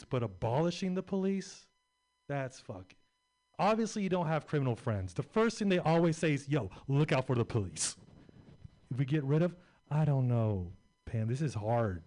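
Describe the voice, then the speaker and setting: A man's voice: on the high side, darkish tone. A young adult man doing a stand-up set, rambling and crude with lots of filler words. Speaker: stand-up comedian.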